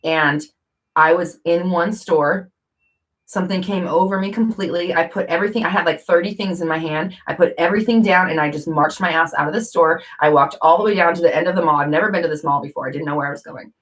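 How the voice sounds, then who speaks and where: Rambling casual woman with a lowish voice. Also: quick pace. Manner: rambling, lots of fillers and self-corrections. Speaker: vlogger. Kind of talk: casual talk to camera.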